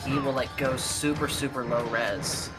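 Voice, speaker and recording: A man's voice: mid-range voice, moderate pace, over loud music. A man chatting casually on a livestream, explaining what he does in the game as he plays. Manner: relaxed, explains gameplay. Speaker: streamer playing the game.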